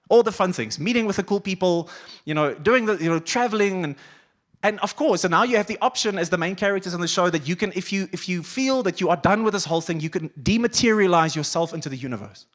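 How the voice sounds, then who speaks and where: A man preaching a sermon as pastor, animated, acting out quoted voices and dropping to quiet intensity. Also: high-pitched, quick pace. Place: church auditorium.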